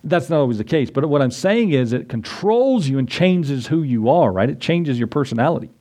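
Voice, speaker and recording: A man preaching a sermon to his congregation, conversational and then rising to excited emphasis. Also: medium pitch, brisk. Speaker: pastor.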